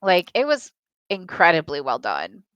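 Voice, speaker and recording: A young woman co-hosting a podcast, talking in a measured, thoughtful way with some hesitant fillers. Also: on the low side, wildly swooping pitch, no room sound, lo-fi sound. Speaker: podcast co-host. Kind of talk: casual film discussion.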